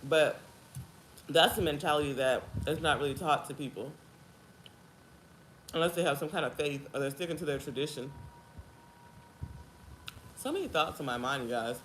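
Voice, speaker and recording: A woman in her thirties chatting casually to her viewers in an animated way, laughing often and calling them girl and honey. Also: low-pitched, normal speed, long pauses, slight background noise. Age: 30s. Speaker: vlogger. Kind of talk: casual chat to camera. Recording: echoey room with faint ambience.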